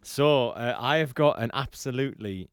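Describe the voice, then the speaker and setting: A man's voice: medium pitch, normal speed, clean tone, no echo, studio quality. A man co-hosting a dance-music radio show, teasing his partner and introducing tracks in an easygoing way. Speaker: radio co-host. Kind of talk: radio banter.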